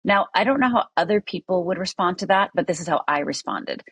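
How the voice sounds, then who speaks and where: A woman's voice: fairly low pitch, animated, brisk, slightly rough, no echo. A middle-aged woman from Upper Michigan, telling a personal story as a podcast guest in an earnest, candid way with many fillers.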